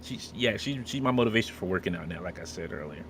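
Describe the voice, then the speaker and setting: Man, podcast host, low voice, joking, rambling with restarts. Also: expressive, quick pace, creaky, a bit bright, slight background noise. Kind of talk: casual chat.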